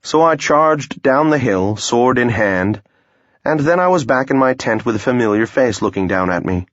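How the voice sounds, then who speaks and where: A man's voice: mid-range voice, animated, normal speed, dry recording. A man narrating a first-person fantasy audiobook in a wry, understated way, recorded with a dull, dry sound.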